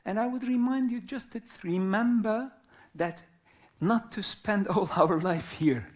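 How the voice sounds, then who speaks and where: A man in his fifties from Turkey, a native Arabic speaker, giving a reflective live talk as a whirling dance teacher in simple non-native English, often checking in with listeners. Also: high-pitched. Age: 50s. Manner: slow, philosophical, checks in with listeners.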